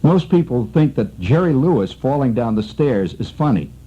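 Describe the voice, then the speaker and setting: Middle-aged male radio storyteller with a mellow voice, lively and digressive, on a muffled old broadcast. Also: mid-range voice, moderate pace, slightly rough. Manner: rambling, animated storyteller full of asides. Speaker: radio host. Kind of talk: storytelling monologue.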